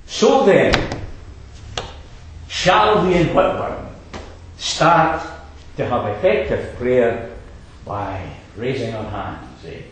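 Slow, animated preacher in echoing hall. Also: male voice, mid-range voice, a little hiss or hum. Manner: emphatic, with rhetorical asides. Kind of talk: sermon.

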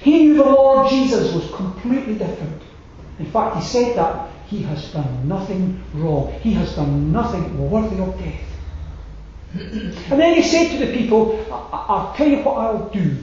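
Man preaching slow, higher voice, big echo all round, kinda dull sound. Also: sing-song, a little hiss or hum. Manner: slow, emphatic preaching with falling, hushed phrase endings. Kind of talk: sermon. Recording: very echoey hall, slightly dull sound.

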